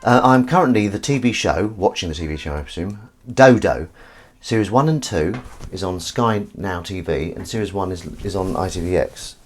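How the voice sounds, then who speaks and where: A man's voice: low voice, expressive, normal speed, hardly any pauses, slight background noise. A man hosting a casual live stream from his kitchen, rambling through stories and calling his cat in a coaxing voice. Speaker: livestream host. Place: home kitchen.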